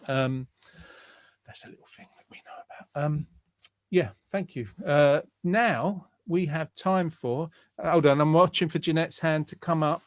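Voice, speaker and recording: Male host, relaxed rambling chat, a bit high, dry video-call sound. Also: unhurried, no room sound. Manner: rambling, hesitant, chatty, teasing. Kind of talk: casual online chat show.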